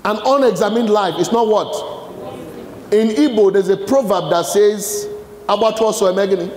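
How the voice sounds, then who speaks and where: Unhurried and darkish in tone, his high voice carries through a large hall with long, echoey reverb. The Nigerian motivational speaker is presenting a leadership talk live, inviting the audience to fill in the blanks.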